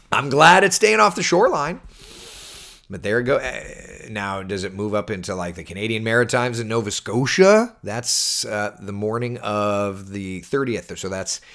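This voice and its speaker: A man's voice: lowish voice, normal speed. A man, a TV meteorologist, chatting casually on a livestream and answering viewer questions. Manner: chatty, animated, reads viewer comments aloud.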